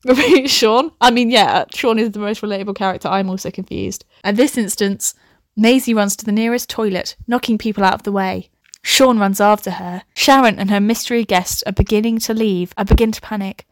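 A woman's voice: medium pitch, fairly quick, no room sound, clean studio sound. A young woman reading her own old story aloud, breaking off into laughing, sweary, self-mocking asides. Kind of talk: comic reading with commentary.

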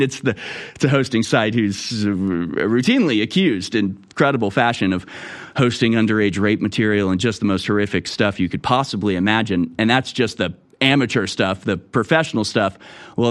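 Man, sarcastic commentary monologue, mocking tone, medium pitch. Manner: sarcastic, mocking impressions in raised voice.

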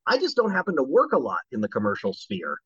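A man, a voice actor guest, chatting on a podcast and telling animated stories. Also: medium pitch, fast, breathy edge, no room sound, dull audio. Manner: animated storyteller who slips into voices. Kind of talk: casual podcast chat.

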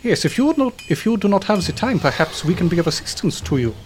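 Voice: mid-range voice, big pitch swings, quick pace, a little mellow, a little hiss or hum, pitched above the performer's own voice, lightly acted. A player voicing a polite, fancy male chef with formal, courteous speech.

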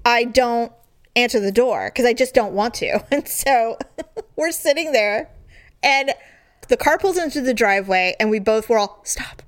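A woman in casual chat, telling a funny story with lots of laughter and squealed, acted-out quotes. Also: moderate pace. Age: adult. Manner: animated, laughing, acts out quotes in high squeals.

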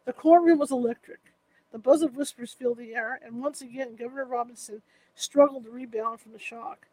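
A woman's voice: on the high side, a little fast, dark tone, no echo, poor audio. A woman narrating a true-crime courtroom story in a vivid, dramatic manner.

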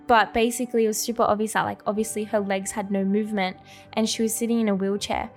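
A young woman with a slightly high voice speaks earnestly and from the heart, co-hosting a casual faith podcast. She fills her talk with "like" and "you know". Faint music sits quietly under her voice. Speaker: podcast co-host.

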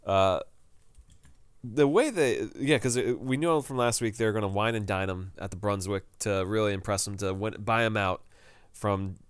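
A low-pitched man chats casually as a podcast co-host, walking through an episode scene by scene. He slips into quick impressions of the characters as he goes. His voice sounds close and dry, with no room around it. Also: clear, resonant tone, dry recording. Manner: animated, retells scenes with quoted lines. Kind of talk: casual TV recap chat.

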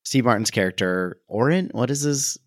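A man's voice: mid-range voice, animated, normal speed, dry recording, studio quality. A man co-hosting a podcast in casual chat, rambling and amused as he talks. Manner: rambling, amused, restarts often. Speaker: podcast co-host.

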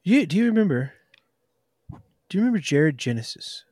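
A man's voice: fairly high pitch, big pitch swings, fairly quick, darkish tone, dry recording, clean studio sound. A man co-hosting a podcast, telling stories in crude casual chat with frequent laughs. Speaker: podcast co-host.

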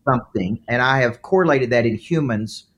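Energetic man with a Southern drawl. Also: mid-range voice, fairly quick, a crowd in the background. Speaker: guest, author and coach. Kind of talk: podcast interview answers.

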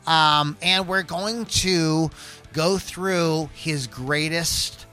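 Bright-voiced, rambling male podcast host. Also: fairly high pitch, drawn-out words, faint music behind. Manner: rambling, hesitant, wry. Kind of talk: casual podcast banter and sponsor reads.

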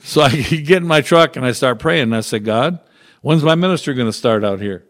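Chuckling frequently through his stories, a middle-aged man who serves as a trucker chaplain speaks in a folksy, casual interview. He has a fairly bright, mid-range voice and keeps a moderate pace.

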